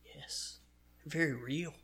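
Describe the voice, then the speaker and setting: A man preaching in an earnest, conversational way, stopping now and then to read scripture aloud. His voice sits a little higher than most men's. The delivery feels like a pastor talking plainly to his congregation. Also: takes it slowly, fairly bright tone. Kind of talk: sermon.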